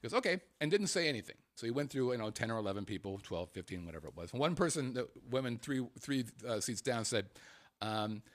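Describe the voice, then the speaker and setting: A man hosting a podcast, telling a story in a casual, animated way, laughing and swearing as he goes. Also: medium pitch, fast. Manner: animated, laughs through his own stories. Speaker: podcast host.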